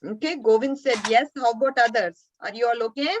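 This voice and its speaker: A woman's voice: a little high, fairly quick, muffled recording, a little hiss or hum. A woman teacher telling a story to children, often stopping to ask the class questions and now and then scolding a student. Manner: asks the class frequent questions.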